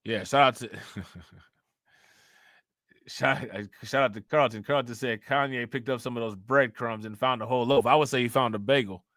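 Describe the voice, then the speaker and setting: A man hosting a casual live-stream reaction show, reading out chat shout-outs with frequent laughter and slangy asides. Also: medium pitch, steady tone, moderate pace, no room sound, clean studio sound. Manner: laid-back, laughs often, reads chat shout-outs. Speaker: livestream reaction host.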